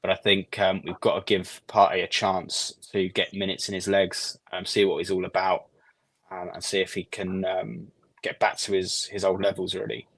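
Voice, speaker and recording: A man speaking as a guest on a football chat, measured and hesitant with many ums. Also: sits low, little pitch movement, gravelly, a bit bright, slightly rough, dry recording. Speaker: guest fan.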